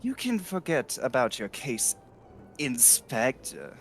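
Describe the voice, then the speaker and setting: A man voicing a proud, arrogant male fighter in a haughty, measured way while reading game dialogue aloud. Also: mid-range voice, very animated, slight background noise.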